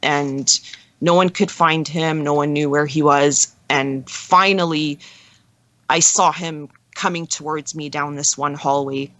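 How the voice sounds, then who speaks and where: A woman being interviewed as a guest, telling a personal story in an earnest, halting way with frequent restarts. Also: low voice, fairly even intonation, fairly bright tone, no room sound.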